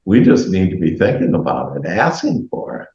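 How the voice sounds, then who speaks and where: Deep-voiced encouraging man on a call. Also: wildly swooping pitch, normal speed, dark tone, roomy sound, muffled recording. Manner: upbeat, encouraging, praising members. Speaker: host leading a group call. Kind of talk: casual group video call.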